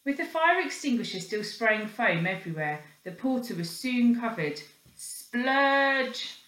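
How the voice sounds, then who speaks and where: A woman reads a children's storybook aloud in an animated, expressive way. Her voice is bright and lively, and she punches out the sound effects. The room is echoey. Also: mid-range voice, normal speed.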